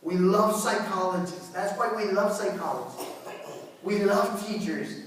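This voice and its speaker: A male priest preaches in an animated, joking way, often repeating himself. His voice carries a long reverb and sounds distant from the microphone, as in a large church. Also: high-pitched, a little slow. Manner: animated, repetitive, joking storyteller. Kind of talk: sermon. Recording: echoey hall, far from mic.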